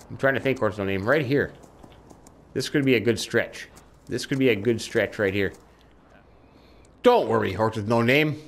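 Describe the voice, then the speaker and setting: A man giving chatty let's-play commentary, talking to his in-game horse and jumping up in pitch when excited. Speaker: gaming YouTuber.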